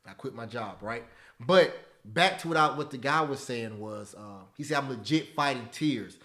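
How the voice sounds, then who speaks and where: A man in his thirties hosting a live webinar, talking in an animated, preachy way that repeats phrases and keeps asking "right?" and "okay?". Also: mid-range voice, normal speed. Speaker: webinar host teaching stock options. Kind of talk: live webinar talk, motivational.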